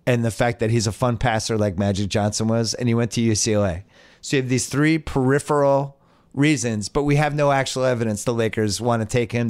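Man reading listener mail on a podcast. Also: mid-range voice. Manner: reads listener questions, opinionated and wry. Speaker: podcast host. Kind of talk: casual sports podcast chat.

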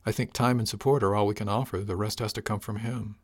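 A man voicing a practical female ship's chief in an audiobook, plain-spoken and steady. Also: fairly low pitch, quick pace, natural voice. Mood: concerned. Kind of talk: audiobook character voice.

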